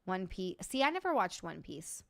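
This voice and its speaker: A woman's voice: lowish voice, normal speed, vocal fry. A woman hosting a casual live-chat stream, chatting, joking sarcastically, swearing freely and thanking viewers by name. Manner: animated, sarcastic jokes. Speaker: livestream host.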